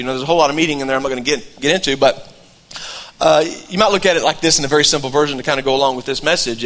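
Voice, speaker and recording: A middle-aged pastor with a fairly high, fairly bright voice preaches a sermon in a conversational, storytelling style. He often restarts his sentences.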